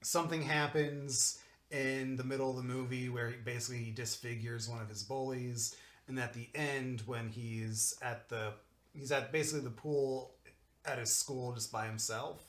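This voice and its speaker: A man's voice: mid-range voice, steady tone, normal speed, fairly bright tone. A man co-hosting a casual podcast, rambling through his explanations with lots of "like". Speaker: podcast co-host. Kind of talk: casual group chat. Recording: roomy echo.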